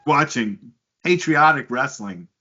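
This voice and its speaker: Bright-voiced American podcast host. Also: male voice, medium pitch, expressive, slow pace, dull audio. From United States. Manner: talkative, repeats words, asks long questions. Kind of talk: casual interview chat.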